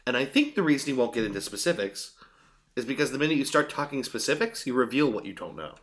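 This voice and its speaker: A man's voice: mid-range voice, sing-song, quick pace, fairly bright tone. A man co-hosting a casual podcast chat, explaining things in detail and getting mildly exasperated. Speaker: podcast co-host.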